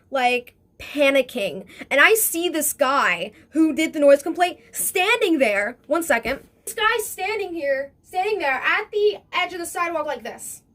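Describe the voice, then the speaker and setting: Woman, young, high-pitched, casual storytime, chatty, excitable, swears a lot. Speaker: vlogger.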